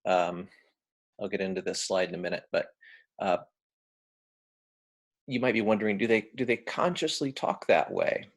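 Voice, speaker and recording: An American man giving a recorded lecture, talking in a relaxed, hesitant way with many ums and uhs. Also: lowish voice, normal speed, long pauses. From United States.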